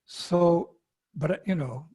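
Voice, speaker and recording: Husky man telling a lively story. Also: on the high side, slow pace. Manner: animated anecdotes with acted quotes and laughter. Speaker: interview guest, monk. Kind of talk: storytelling in an interview.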